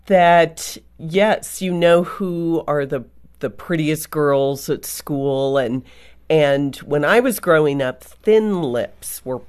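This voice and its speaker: A woman co-hosting a talk show, telling a story in a slow, thoughtful way. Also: sits low, darkish tone. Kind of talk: casual interview chat.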